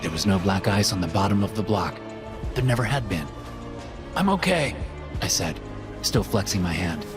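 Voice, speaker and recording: A man with a low voice tells a first-person horror story in a steady, measured way. His scripted narration sits over loud background music.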